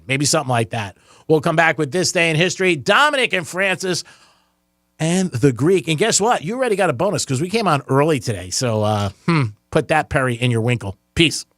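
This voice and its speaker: Lively, joking talk radio host, man. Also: on the high side, fairly quick, dry recording, clean studio sound. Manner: joking, excitable, laughs often. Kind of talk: casual talk radio banter. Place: radio studio. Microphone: studio microphone.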